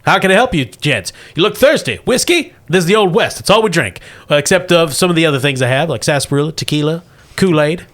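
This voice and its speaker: A man's voice: on the high side, lively intonation, fast, fairly bright tone. A man voicing a chatty Old West saloon bartender and owner, eager and rambling as he pushes his drinks. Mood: welcoming.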